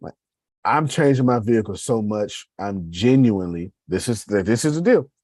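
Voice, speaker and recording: Expressive and a little mellow, the lowish voice moves at normal speed in a dry recording. The man rambles conversationally through his points in a casual motivational talk about his business, speaking right to y'all and restarting along the way.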